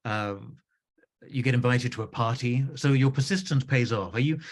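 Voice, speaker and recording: A man's voice: medium pitch, normal speed. A man interviewing a guest, prompting him with encouraging questions.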